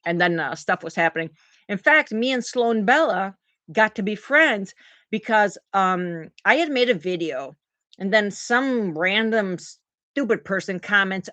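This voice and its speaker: A middle-aged woman vlogging, telling a personal story in an emotional, animated way to camera. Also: mid-range voice, moderate pace, dry recording. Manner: emotional, animated, talks to her dogs mid-story.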